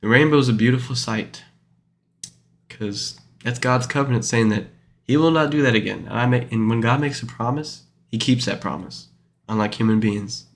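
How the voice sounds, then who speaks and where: Speaking at medium pitch and normal speed, a male Bible study teacher reads passages of scripture and explains them casually. His commentary wanders, packed with filler words and corrections of himself.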